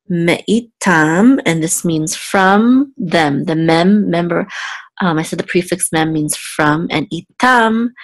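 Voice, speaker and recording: Woman, Hebrew reading teacher, patient and step-by-step, slightly low voice, lots of ums. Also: fairly bright tone. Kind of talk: one-on-one lesson, explaining letters slowly.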